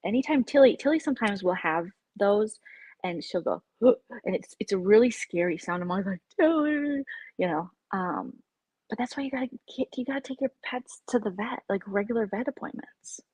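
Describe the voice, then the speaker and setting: A woman vlogger chatting casually with viewers on a livestream, opinionated and lively when she quotes people. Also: medium pitch, fairly quick, husky, dry recording. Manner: chatty, opinionated, animated quoting. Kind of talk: casual live chat with viewers.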